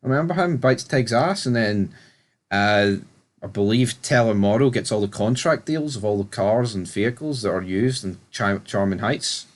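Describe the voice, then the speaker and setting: A man, co-hosting a casual review podcast, recapping scenes in a relaxed way with sweary asides. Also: on the low side, normal speed. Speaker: podcast co-host.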